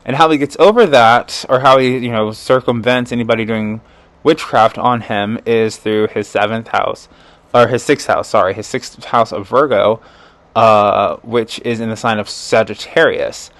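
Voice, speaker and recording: A man's voice: on the low side, steady tone, normal speed, fairly bright tone, no echo. A man giving a casual astrology chart reading as a tarot reader. He rambles, fills his talk with "like" and "um", and adds chuckling asides.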